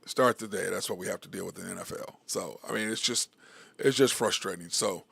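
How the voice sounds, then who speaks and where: A man's voice: deep voice, a little fast, vocal fry, fairly bright tone, slightly rough, no room sound, studio quality. A sports talk host, rambling and venting his frustration in a solo commentary.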